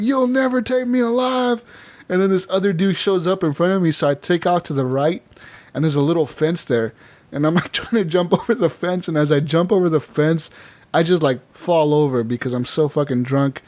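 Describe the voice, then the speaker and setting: A young man co-hosts a casual gaming podcast and tells a long, excited story. He laughs often and throws himself into the characters' lines. His voice sits a little high for a man. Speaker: podcast co-host.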